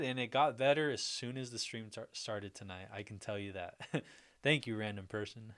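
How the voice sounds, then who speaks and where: A man's voice: medium pitch, steady tone, normal speed, a bit bright. A man hosting a casual livestream, chatting in a rambling, upbeat way and talking back to his viewers. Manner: chatty and rambling, with frequent restarts and "like"; upbeat and friendly toward viewers. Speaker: livestream host. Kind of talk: casual livestream chat reacting to viewer comments.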